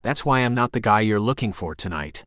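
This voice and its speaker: A man voicing a smooth, easygoing young man. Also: lowish voice, animated, a little fast, fairly bright tone, dry recording, clean studio sound. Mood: earnest. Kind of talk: audiobook character reading.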